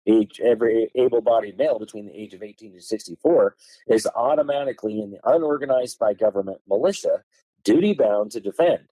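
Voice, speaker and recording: A man's voice: on the low side, a little fast, mellow, no room sound, low-quality recording. A man as a podcast guest, explaining legal texts and reading them aloud, stressing key words with marked tone changes. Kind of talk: explaining law in a podcast conversation.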